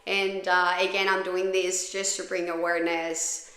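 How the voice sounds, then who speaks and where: A woman's voice: on the low side, little pitch movement, measured pace, a bit bright, echoey room. A woman hosting a podcast, telling her own story in a raw, profane, confessional way. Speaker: podcast host. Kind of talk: candid personal storytelling.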